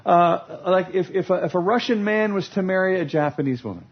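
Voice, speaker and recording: A man's voice: sits high, expressive, brisk, breathy edge. A man giving a humorous teaching talk about love languages, playful and laughing as he acts out scenes. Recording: lo-fi recording.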